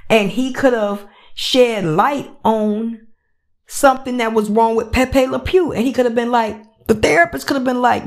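A woman's voice: on the high side, moderate pace. A woman hosting a podcast, talking casually and animatedly, repeating herself and acting out little voices. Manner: animated, repetitive, acts out voices. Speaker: podcast host. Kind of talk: casual commentary monologue.

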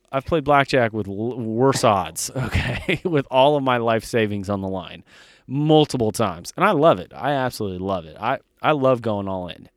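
A man's voice: mid-range voice, no echo, studio quality. A man in his thirties co-hosting a podcast, telling stories in a blunt, profane, fired-up way. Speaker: podcast co-host. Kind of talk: casual podcast chat.

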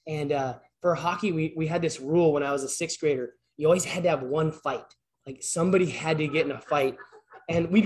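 Rambling man giving a casual sermon. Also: fairly high pitch. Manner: rambling, conversational, many restarts. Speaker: guest speaker at church, PE teacher. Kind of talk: informal sermon with storytelling.

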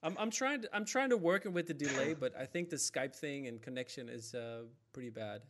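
A man's voice: medium pitch, animated, brisk, over a noisy crowd. A man hosting a casual livestream over a call, talking with many fillers and restarts. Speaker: livestream host.

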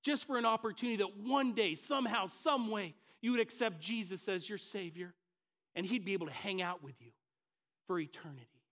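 A man whose voice sits high, with a fairly bright tone, preaches a lively sermon at a slightly fast clip. As pastor, he gives voice to the audience's inner thoughts, acting them out in quick quoted snippets.

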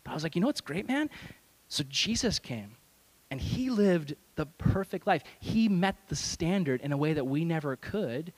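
A young adult man, a youth pastor, telling a lively self-deprecating story in a sermon and acting out the voices. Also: a little high, normal speed. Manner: animated, self-deprecating, acts out voices in stories.

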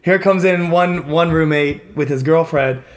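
Man, casual chat, animated storytelling, swears often, somewhat high voice. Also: measured pace. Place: New York.

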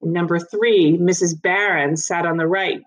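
Woman reader, measured storybook narration. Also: lowish voice, fairly even intonation, low-quality recording. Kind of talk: storybook reading.

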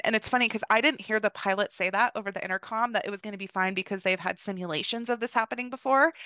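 A woman's voice: mid-range voice, sharp tone, no echo. A young woman from the United States hosting a podcast, telling a story in a casual, chatty way, filling her speech with "like" and "you know.". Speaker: podcast host.

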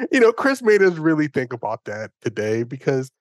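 A young man tells a story in a loose, chatty way and often breaks into laughter. His pitch swings widely, rising and falling as he goes. The recording is dry and close, with no room sound. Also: measured pace, no echo. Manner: animated, laughs through the telling. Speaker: podcast host. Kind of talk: casual storytelling.

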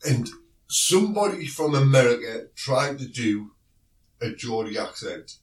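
A man's voice: mid-range voice, expressive, measured pace. Laughing, teasing South London man. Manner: jokey and teasing, laughs often. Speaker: podcast co-host, radio presenter. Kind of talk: casual chat. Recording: roomy, distant mic, faint noise.

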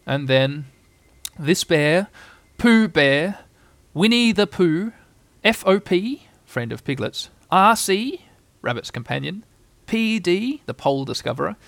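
Gravelly man reading a storybook. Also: high-pitched, sing-song, slow pace, a bit bright, no echo. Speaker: audiobook reader. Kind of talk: storybook narration.

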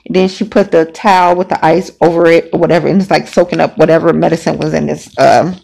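A woman's voice: sits low, fairly even intonation, fast, gravelly, darkish tone. A woman hosting a podcast, telling a personal story in a casual, emphatic, conversational way. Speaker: podcast host.

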